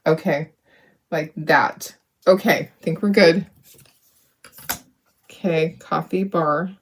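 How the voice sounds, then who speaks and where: A woman's voice: low-pitched, fairly even intonation, slow, breathy edge. A woman hosting a live crafting demo, talking herself through each step, upbeat and self-deprecating, laughing often. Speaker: craft livestream host.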